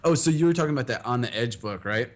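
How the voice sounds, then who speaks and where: A man's voice: medium pitch, animated, fast. Laid-back, joking man in casual chat.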